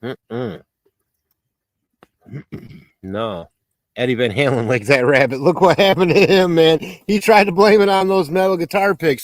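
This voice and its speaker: A man's voice: on the high side, moderate pace, dry recording. A man hosting a livestream, chatting casually and reading out viewer comments, rambling and poking fun at himself with frequent laughs. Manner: rambling and self-mocking, with frequent laughs and fillers. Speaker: livestream host.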